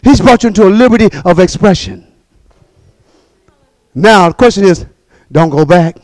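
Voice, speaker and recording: High-voiced shouting male preacher. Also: no echo, low-quality recording. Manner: call-and-response preaching, bursts of shouting, quick repetitions. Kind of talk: sermon.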